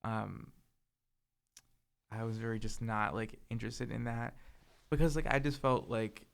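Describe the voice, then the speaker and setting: Soft-spoken young man, low gravelly voice. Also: unhurried. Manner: hesitant, lots of filler words. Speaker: podcast co-host. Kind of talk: casual podcast chat.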